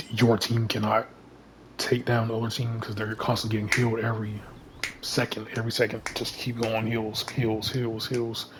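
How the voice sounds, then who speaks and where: A man chats loosely to his audience, his voice staying level and even in pitch. He drifts from point to point and leans constantly on fillers like "you know" and "like". A faint hum sits low behind him. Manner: rambling, heavy use of "you know" and "like". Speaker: gaming YouTuber. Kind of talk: casual vlog commentary.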